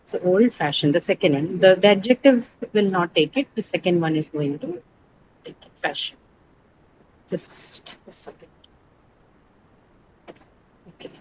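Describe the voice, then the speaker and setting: A woman's voice: on the low side, expressive, a little slow, long pauses, lo-fi sound, noisy background. Woman teaching an online class. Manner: explanatory, quizzes students, frequent "right?" checks. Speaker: English teacher. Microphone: video call.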